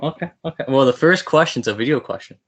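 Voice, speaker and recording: A man's voice: mid-range voice, expressive, fast, breathy edge. A young man hosting a casual podcast interview, eager and playful, often laughing. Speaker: podcast host.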